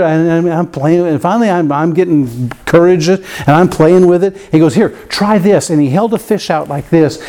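A man preaching in a church, telling a personal story with lots of repeated words and big swings in pitch for emphasis. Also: dark tone. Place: church room with a piano.

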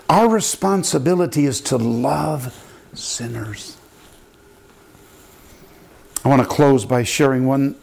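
An older man, a pastor, telling a story in a sermon and acting out the people in it with big jumps in his voice. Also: creaky. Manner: animated preaching, acting out quotes with big pitch jumps.

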